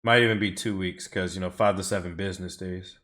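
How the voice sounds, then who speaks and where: Streaming racing time trials from home, this man has a low-pitched, steady voice that's a bit bright and a little fast. He rambles casually with viewers while driving, swearing frequently and answering chat.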